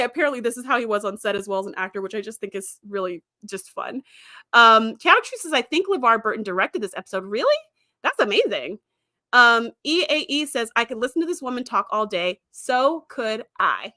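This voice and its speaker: A woman's voice: fairly high pitch, bright, forceful tone, no echo, studio quality. A young woman hosting a casual livestream, rambling through viewer comments with lots of ums, likes and easy laughter. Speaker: livestream host.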